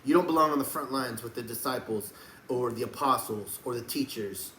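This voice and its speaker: A man preaching a sermon, swinging between fiery shouts and soft, hushed passages. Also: mid-range voice, brisk. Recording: echoey room with faint background noise.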